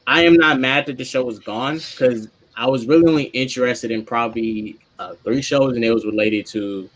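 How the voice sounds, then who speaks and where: A man's voice: medium pitch, moderate pace, fairly bright tone, poor audio. A man on a live chat panel giving his take earnestly, repeating himself to keep the floor. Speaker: panel guest.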